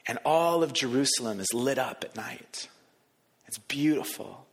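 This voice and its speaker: A man's voice: mid-range voice, normal speed. Man preaching in a reverberant hall. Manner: conversational guided imagining, swings between soft hushed lines and raised emphasis. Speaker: pastor. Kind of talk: sermon. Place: church sanctuary. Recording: long reverb of a large hall.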